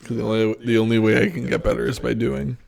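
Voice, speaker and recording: Young man, gravelly voice, joking, tipsy, casual podcast chat. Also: mid-range voice, flat delivery, fast, a little mellow. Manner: joking, swearing, laughing often. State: tipsy from drinking soju. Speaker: podcast co-host. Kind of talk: casual chat reviewing albums.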